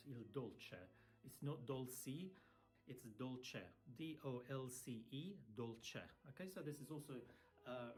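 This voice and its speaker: A man teaching violin terms, repeating each word and spelling it out letter by letter. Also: mid-range voice. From Italy. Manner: repeats words slowly, spells them out letter by letter. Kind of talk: casual spoken lesson.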